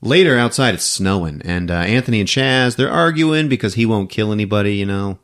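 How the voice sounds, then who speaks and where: A man hosting a podcast, recapping a movie as an animated storyteller who laughs often. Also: lowish voice, a little fast. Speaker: podcast host.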